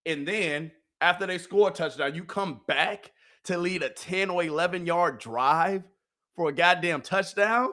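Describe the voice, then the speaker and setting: Excitable man streaming game commentary. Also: high-pitched, unhurried. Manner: excitable, talks to the chat, laughs often. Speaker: streamer hosting a watch party. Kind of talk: live fan commentary on a game.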